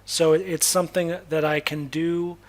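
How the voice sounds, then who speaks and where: A man's voice: on the high side, little pitch movement, moderate pace. A young man from Massachusetts telling a personal story as a vlogger. He talks candidly, swears freely, and often restarts his sentences. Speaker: spiritual vlogger. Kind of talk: casual personal storytelling monologue.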